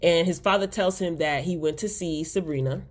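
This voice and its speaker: A woman's voice: fairly low pitch, moderate pace. A woman hosting a casual TV episode recap, chatty and exasperated as she talks straight to her viewers. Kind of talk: casual spoken episode review.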